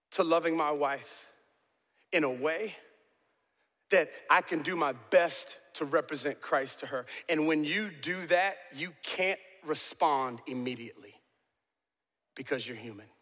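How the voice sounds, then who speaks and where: A middle-aged man preaching a sermon as pastor in a large church, swinging from impassioned shouts to soft, intimate talk. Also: fairly high pitch, measured pace. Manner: passionate, builds to shouting then drops to soft and intimate. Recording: long reverb of a large hall.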